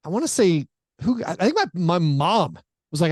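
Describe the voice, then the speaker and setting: A man's voice: high voice, very animated, brisk, no echo, clean studio sound. A man hosting a podcast in casual chat, rambling along with many fillers and restarts. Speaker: podcast host.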